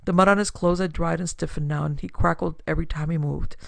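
A woman's voice: low voice, fairly even intonation, fast talker, vocal fry, dry recording. A woman narrating a classic pulp detective story with dramatic storytelling for her podcast. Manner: dramatic storytelling, builds force in action scenes.

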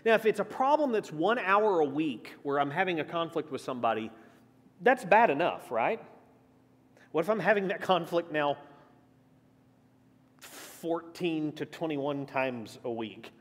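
A fairly high-voiced man leads a midweek church class, chatting and firing questions at the room. His voice carries a long reverb from the hall around him. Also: measured pace, pauses often. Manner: asks the class questions, lively, shifting emphasis. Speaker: pastor teaching a church class. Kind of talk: conversational Bible teaching.

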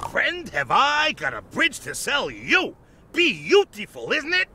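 An actor playing a pushy, fast-talking male creature salesman in a video game. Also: huge pitch swings, sharp tone, a little hiss or hum, full character voice. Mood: smarmy pitch. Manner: pushy sales-pitch patter.

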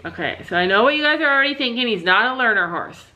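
A woman's voice: fairly high pitch, lively intonation, fast, bright, forceful tone, highs cut off. A woman chatting casually in a family vlog, talking to viewers and her pet bird. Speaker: family vlogger. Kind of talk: casual vlog chat to camera.

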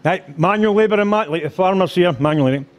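A man's voice: high-pitched, fast talker. A middle-aged Scottish man doing stand-up, telling rowdy sweary stories and slipping into voices. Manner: boisterous storytelling, swearing, slipping into character voices. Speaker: stand-up comedian. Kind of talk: live stand-up set. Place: rugby club function room.

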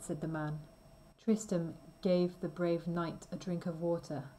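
Woman reading an easy storybook out loud, careful and slow, lowish mellow voice, bit of hiss. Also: flat delivery, poor audio. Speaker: reader.

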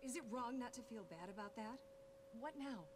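A woman's voice: a little high, moderate pace, lightly acted. An actress playing a frightened young woman, a kidnapped hospital intern in a video game, asking shaken questions, heard as game audio with a hum.

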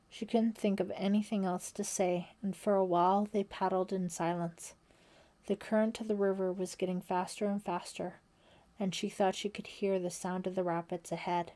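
A woman narrates an audiobook in a mid-range voice. Her scripted storytelling is steady and measured.

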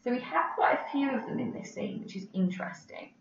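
A woman's voice: high-pitched, expressive, a little fast, creaky. A woman teaching a recorded English lesson over slides, chatty and full of fillers, checking "okay?" as she goes. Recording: roomy, distant, dull lo-fi audio with faint background noise.

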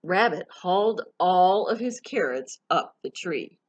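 A woman librarian reading a picture book aloud to children, animated and sing-song, stopping to ask them questions. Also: fairly low pitch, unhurried. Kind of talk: storytime read-aloud.

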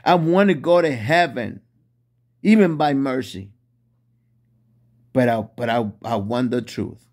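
A man preaches with burning conviction in non-native English. He repeats lines over and over and restarts when a word escapes him. His voice sits at an ordinary middle pitch. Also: slow pace, pauses often, darkish tone. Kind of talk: impassioned preaching monologue.

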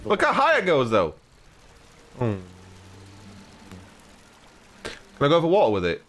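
A man blurting crude, excited outbursts while he plays a game. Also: a little high, measured pace, long pauses, slight background noise. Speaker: gamer in a group. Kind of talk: casual gaming banter. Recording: loud game music behind.

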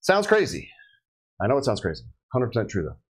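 Man, middle-aged, lowish voice, police officer, casual podcast storytelling, animated quoting. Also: rapid-fire, husky, rough recording. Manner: animated storyteller acting out quotes. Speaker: police officer recounting a shooting.

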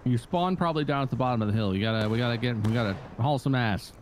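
A man co-hosting a gaming podcast, excitable and profane as he calls out plays. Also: mid-range voice, rapid-fire, slight background noise. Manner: excitable, swears freely, rallies teammates. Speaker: podcast co-host streaming a war game. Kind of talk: casual gaming chat.

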